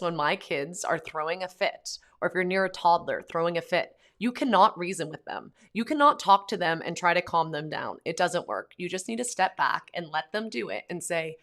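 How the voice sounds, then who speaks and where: Brisk and lively, with few pauses, a Catholic pro-life mother vlogs from home in a lowish, slightly bright voice. Her casual to-camera chat is sprinkled with lots of "like" and "um."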